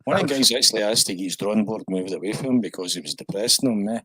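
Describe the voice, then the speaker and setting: An older Scottish man with a low, husky voice chats on a podcast, spinning long anecdotes and chuckling as he goes. The sound is dry and close. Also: racing, bright, forceful tone, no echo, poor audio. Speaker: podcast guest. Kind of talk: casual podcast chat.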